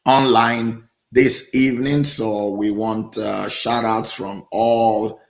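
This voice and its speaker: A man co-hosting a live church talk show as pastor, relaxed and encouraging viewers to share and join in. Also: on the low side, takes it slowly, gravelly. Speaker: pastor and co-host.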